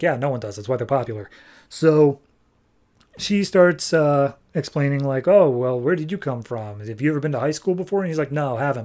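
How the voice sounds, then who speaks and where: A man on a podcast casually recapping a comic book, animated and nitpicky, tossing off quick character lines as he goes. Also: medium pitch. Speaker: podcast host.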